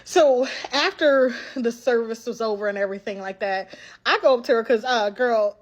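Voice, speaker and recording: A young adult woman telling a personal story in a casual vlog, animated and chatty, acting out quotes and often asking "right?". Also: on the high side, normal speed, highs cut off.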